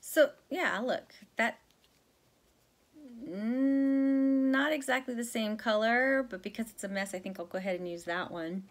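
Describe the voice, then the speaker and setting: A woman's voice: mid-range voice, a little fast, few pauses, a bit bright, a little hiss or hum. A woman vlogger chatting casually to viewers about her cross-stitch threads, rambling with many fillers and self-corrections.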